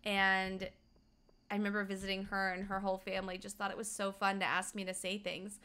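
Bright, fast-talking young woman streamer. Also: medium pitch, monotone, smooth. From Colorado, USA. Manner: fast-talking, chatty, reads chat aloud, hums along. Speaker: game streamer. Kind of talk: casual livestream chat while gaming.

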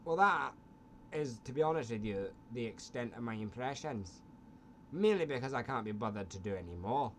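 A man's voice: medium pitch, lively intonation, normal speed, a bit bright, a little hiss or hum. A man, talking offhandedly in a casual, joking vlog and wrapping up with cheeky, mock-lazy asides. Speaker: vlogger.

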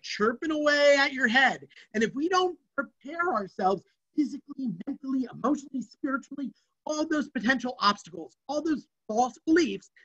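An energetic, emphatic presenter leading a motivational workshop for students over an online video session. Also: sits high, highs cut off.

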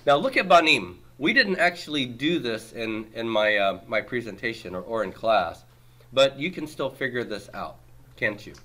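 Forceful, bright-voiced male teacher. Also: mid-range voice, animated, moderate pace. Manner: explains patiently, quizzes the class, uses homely comparisons. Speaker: Hebrew grammar teacher. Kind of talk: classroom lecture with questions to students. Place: classroom with students.

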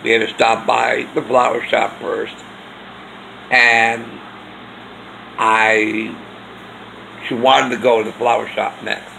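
A man's voice: medium pitch, flat delivery, takes it slowly, creaky, long pauses, bright, forceful tone, a little hiss or hum, rough recording. A man earnestly telling a personal story in a rambling way for his vlog. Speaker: vlogger.

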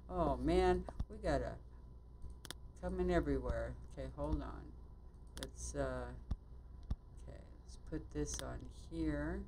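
A woman playing a bakery shop game, muttering to herself as she works, with quick exclamations and mild swearing. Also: deep voice, darkish tone, slight background noise, poor audio. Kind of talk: casual let's-play commentary.

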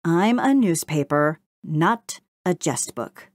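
A woman's voice: low-pitched, expressive, slow, dry recording, studio quality. Woman voicing a cross, peevish old crow. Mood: huffy. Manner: cross and indignant. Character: peevish, self-important male crow. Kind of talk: storybook reading.

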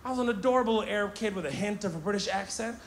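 A stand-up comedian from Kuwait telling a story in an animated way, shouting punchlines and laughing as he goes. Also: sits high, rapid-fire. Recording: roomy with background noise.

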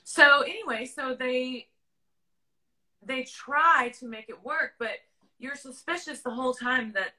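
A woman hosting a casual live-stream chat, telling stories in an animated way with lots of fillers. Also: high voice, measured pace, poor audio. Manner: chatty, animated storytelling with many "like" fillers. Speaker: host.

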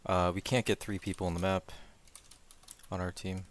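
A man leading a squad in online game voice chat, giving relaxed instructions with frequent fillers over a headset mic. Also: low voice, normal speed. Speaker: squad commander organizing a game event.

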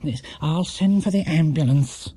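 A man voicing a stern, brisk older housekeeper who talks bossily. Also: fairly high pitch, dark tone, breathy edge, dry recording. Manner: bossy, brisk.

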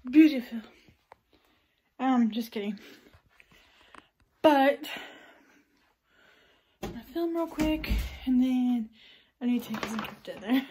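A high-pitched young woman talks at an unhurried pace in a casual vlog, laughing softly between rambling thoughts. She films herself on a handheld camera in her car and at home, with a light hiss behind her voice. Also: poor audio. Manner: chatty and giggly, with many fillers and restarts. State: out of breath. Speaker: vlogger. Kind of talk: casual daily vlog chat.

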